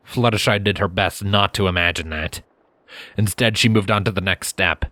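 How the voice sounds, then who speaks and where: A man reading a fanfiction story aloud in steady, measured narration. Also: low voice, no echo. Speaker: fanfiction reader.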